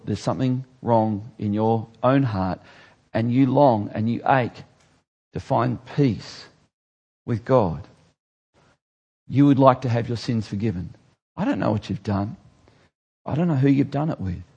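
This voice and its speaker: Male pastor giving a sermon in church, animated delivery with loud rises and drawn-out emphasis. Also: mid-range voice, breathy edge. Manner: animated preaching, with sudden loud rises and slow, stressed words.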